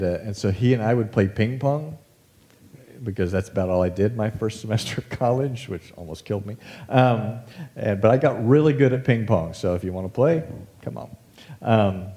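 A man's voice: fairly low pitch, warm tone. A middle-aged man preaching a casual sermon, conversational and self-deprecating, telling stories with animation. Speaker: pastor.

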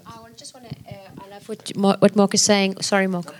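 A woman's voice: medium pitch, fairly even intonation, brisk. A woman on a church conference panel, earnestly urging listeners and repeating phrases for emphasis.

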